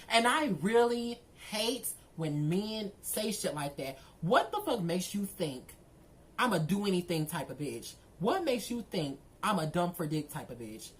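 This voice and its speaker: A woman tells a storytime to her viewers, sassy and full of swearing. Her voice sits a little low for a woman. She keeps calling the audience girl and y'all as she talks. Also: big pitch swings, measured pace. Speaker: vlogger telling a story. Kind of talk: casual storytime monologue.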